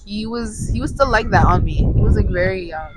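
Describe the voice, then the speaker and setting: A young podcast co-host chats casually on a studio mic, rambling and frequently restarting her sentences. Her medium-pitched voice moves fairly quickly, and the recording is very noisy.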